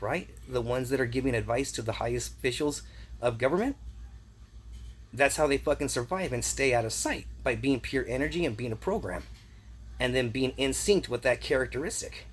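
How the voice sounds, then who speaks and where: A male vlogger with a mid-range, breathy-edged voice launches into a rambling conspiracy rant. He's agitated and profane, repeats himself, and keeps tossing in rhetorical "right?" questions.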